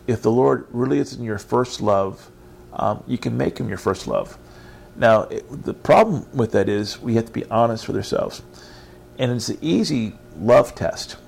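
Gravelly, low-voiced man teaching faith. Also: a little mellow. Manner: earnest, meandering, encouraging. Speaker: Christian teacher. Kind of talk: informal online faith teaching.

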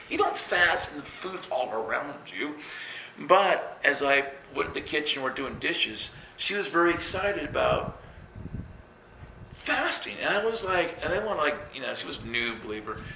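A male preacher with a gravelly, bright and forceful voice, speaking to a congregation in a loose, storytelling style. His words ring through a roomy, echoing hall over a faint hiss. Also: fairly high pitch, big pitch swings, normal speed. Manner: storytelling, conversational, self-mocking humor. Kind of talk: sermon. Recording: roomy echo with faint noise.

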